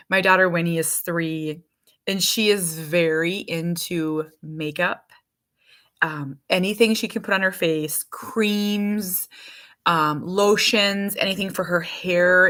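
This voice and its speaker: Woman podcast host, bright tone, casual and rambling, mid-pitched. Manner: chatty and rambling, with many restarts and fillers. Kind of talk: casual chat.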